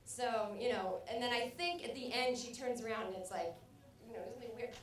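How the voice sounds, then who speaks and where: A young woman rambles through a stand-up set, mocking herself and breaking into loud acted outbursts. Her voice sits a little high. She is heard from a distance in an echoey club. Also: a little fast, a crowd in the background. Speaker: stand-up comedian. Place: comedy club stage. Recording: echoey club recording from afar.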